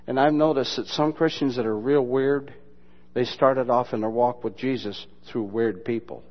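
A man preaching a sermon in a folksy, mocking, humorous way, mixing Bible lessons with sudden loud imitations. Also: mid-range voice, fairly even intonation, moderate pace. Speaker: pastor. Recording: dull lo-fi sermon recording.

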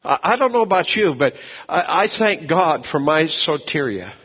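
A man preaching a sermon as pastor, telling folksy stories, repeating words and swinging from low asides to shouted peaks. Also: animated, moderate pace, breathy edge, long reverb tail, dull audio.

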